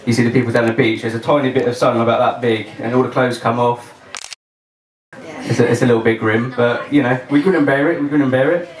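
Dry stand-up, echoey and distant. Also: male voice, medium pitch, fairly even intonation, fairly quick. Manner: dry, chatty, self-mocking. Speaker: comedian. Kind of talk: open-mic stand-up comedy. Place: small venue. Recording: roomy echo, voice from far off.

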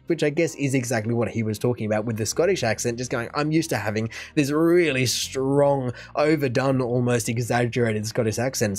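A man's voice: medium pitch, a little mellow. An Australian man hosting a reaction video, chatting casually and thinking aloud while he acts out other people's lines. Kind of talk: casual commentary.

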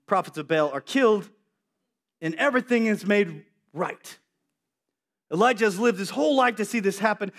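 A male preacher giving a sermon, telling a story in an animated way with acted-out voices. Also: high voice.

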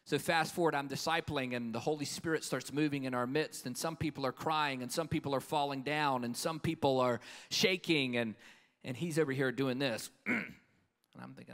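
Passionate male preacher, loud to hushed. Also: medium pitch, normal speed. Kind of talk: sermon. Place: conference hall stage.

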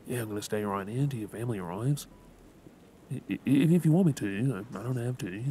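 A man with an Australian accent in a soft, whispered role-play, gently reassuring the listener with halting words. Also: mid-range voice. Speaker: ASMR creator. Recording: rain and thunder noise behind. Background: steady rain and thunderstorm.

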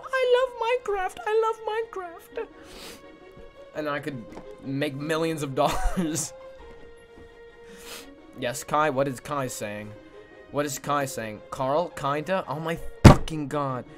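A sleep-deprived man from Canada, chatting with his livestream viewers in an excitable, swearing way with sudden yelps. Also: fairly high pitch. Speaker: streamer. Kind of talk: livestream chat reading viewer messages.

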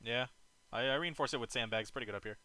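A man talking over voice chat in a military game, loud and teasing. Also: medium pitch, fast talker, dry recording.

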